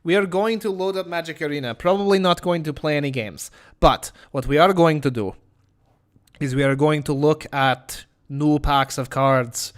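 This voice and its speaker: A man doing a jokey Russian accent, deadpan and clipped, dropping little words as he goes. The voice sits a bit high for a man. It is an over-the-top stream bit, never fully serious. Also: normal speed, close to an everyday voice. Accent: put-on comedy Russian. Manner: drops articles, deadpan. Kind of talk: live-stream commentary.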